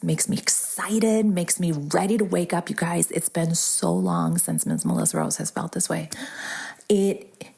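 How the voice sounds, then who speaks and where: Husky, chatty woman podcast host. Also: on the low side, a little mellow. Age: 40s. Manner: bubbly, chatty, drops into breathy asides. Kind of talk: casual solo podcast chat.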